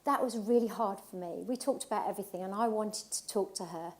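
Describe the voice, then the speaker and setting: A woman's voice: mid-range voice, brisk. A middle-aged woman from England giving an emotional, heartfelt personal talk at a live event, speaking emphatically with repetition.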